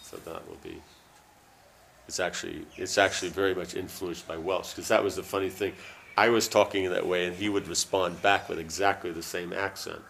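A man reading a book aloud and breaking off into loose, halting asides full of fillers. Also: low-pitched, steady tone, vocal fry, fairly bright tone, slight background noise. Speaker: reader.

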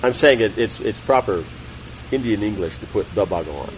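A middle-aged man teaching a scripture class, reading a text aloud in a measured, deliberate way with small self-corrections and chatty asides. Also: lowish voice, animated, a little hiss or hum, poor audio.

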